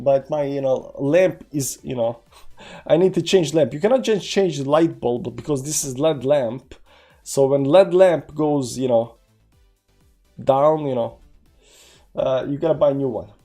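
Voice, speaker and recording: Gravelly man rambling over charts. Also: medium pitch, dark tone. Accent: non-native English. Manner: rambling, filler-heavy, reads chat aloud. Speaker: crypto trading livestream host. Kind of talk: casual livestream chart commentary.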